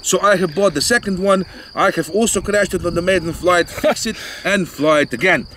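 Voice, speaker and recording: Brief: high-voiced male host, jokey and rambling, outdoor field recording with loud insect noise. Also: normal speed, rough recording. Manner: joking, rambling, non-native phrasing. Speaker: channel host, RC pilot. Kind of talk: casual outdoor chat.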